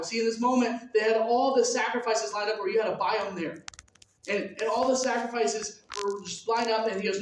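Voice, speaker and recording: In a very echoey hall, captured by a distant mic, a high-pitched man preaches at normal speed. He keeps it conversational and asks the audience questions.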